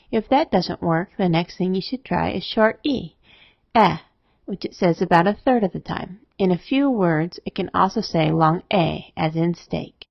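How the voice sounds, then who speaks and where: A woman narrating a scripted spelling lesson, explaining rules in a steady, methodical way. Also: on the low side, gravelly, no room sound. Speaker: spelling teacher. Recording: dry, dull lo-fi voice-over.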